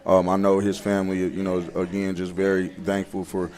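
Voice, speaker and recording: A man, a high school football coach speaking earnestly with many fillers. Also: monotone, a little fast, darkish tone. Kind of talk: casual interview.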